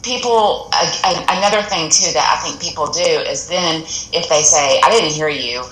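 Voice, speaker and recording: A woman's voice: on the low side, normal speed, fairly bright tone, roomy sound, slight background noise, low-quality recording. A woman appearing as a guest on a TV talk segment, explaining practical tips earnestly and often restarting her sentences. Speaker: audiologist guest. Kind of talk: TV interview advice.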